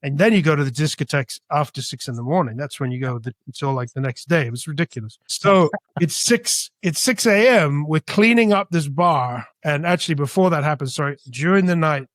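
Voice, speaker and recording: A middle-aged man raised in Spain, a podcast guest telling a story in a casual, animated way, jumping into high voices when he quotes people. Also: no room sound, studio quality. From Britain, raised in Spain.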